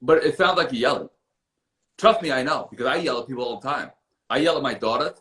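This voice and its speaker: A man's voice: medium pitch, fast talker, fairly bright tone, echoey room, natural voice. A man voicing a smug, laid-back male music mogul who lectures in a patronizing, rambling way. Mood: lecturing.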